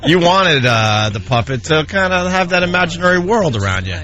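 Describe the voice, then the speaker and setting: A man's voice: a little high, very animated, a little fast, bright, forceful tone, muffled recording, faint music behind. A middle-aged man hosting a radio show, chiming in with jokes and teasing. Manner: joking interjections, teasing. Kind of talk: casual radio banter.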